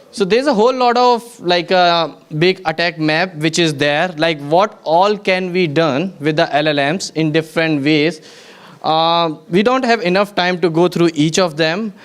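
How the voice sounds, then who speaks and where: A man's voice: fairly high pitch, clear, resonant tone. A man presenting at a tech conference, explaining step by step with frequent restarts and repeated words. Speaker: conference speaker. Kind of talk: technical conference talk. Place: conference venue.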